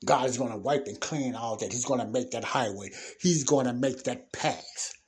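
Reading Bible verses aloud and then unpacking them in plain everyday language, a man leads an informal lesson punctuated by emphatic bursts and sudden exclamations. He speaks at a moderate pace in a husky, medium-pitched voice.

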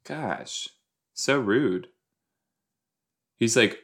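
Male host, unhurried, rambling and chatty, self-deprecating watch-along commentary. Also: medium pitch, animated, fairly bright tone. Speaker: reaction podcast host. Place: southern Minnesota.

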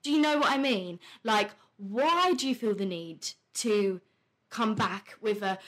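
A young woman hosting a podcast, talking casually and bluntly, swearing freely and laughing often. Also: mid-range voice. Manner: quick, heated rants with animated quoted voices. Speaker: podcast host. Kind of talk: casual chat on a live stream.

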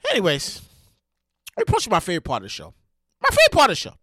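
A woman hosting a comedic news podcast, talking in a loud, exasperated and animated way, swearing and repeating herself. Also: mid-range voice, very fast, no room sound. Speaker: podcast host.

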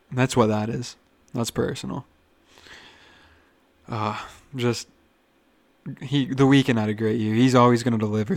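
A man's voice: mid-range voice, no room sound. Rambling young man, dry close mic. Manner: rambling, swears freely, restarts often. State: nervous. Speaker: podcast host. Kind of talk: casual solo podcast rant.

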